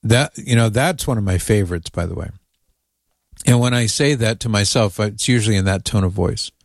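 A man hosts a radio talk show, chatting with easy amusement as he reads out listener emails. His voice sits on the lower side, and the studio sound is dry and close. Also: brisk, dry recording.

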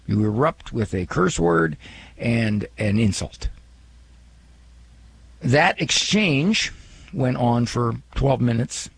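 A man's voice: mid-range voice, vocal fry, breathy edge. A man hosting a call-in advice radio show, talking earnestly and conversationally as he recounts callers and gives counsel. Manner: earnest, conversational, quotes callers in his own voice.

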